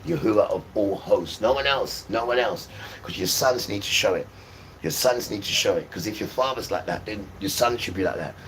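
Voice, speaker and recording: A man's voice: lowish voice, normal speed, fairly bright tone, a little hiss or hum, poor audio. Ranting man in his fifties. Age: 50s. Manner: preachy, insulting, repeats phrases. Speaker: livestreamer. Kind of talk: live-stream religious rant.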